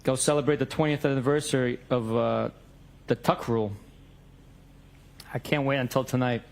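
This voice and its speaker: A man's voice: mid-range voice, level tone, moderate pace, gravelly. A man in a courtroom reading out both sides of a text message exchange, stating the date and time of each message.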